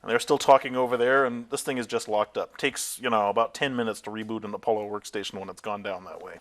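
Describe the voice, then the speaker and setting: Low-voiced man telling lively stories. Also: quick pace. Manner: animated storyteller, acts out quotes, laughs often. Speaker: interviewee, tech founder. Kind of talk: oral history interview.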